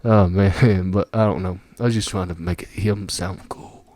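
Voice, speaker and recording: A man's voice: low voice, steady tone, moderate pace, a little mellow. A man giving casual, rambling reaction commentary, with lots of fillers and frequent laughter. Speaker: video reactor.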